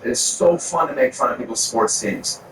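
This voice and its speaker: A man's voice: medium pitch, animated, moderate pace, background noise. A man from Florida doing a stand-up set on a comedy club stage, ranting crudely. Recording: echoey room from far off, audience ambience.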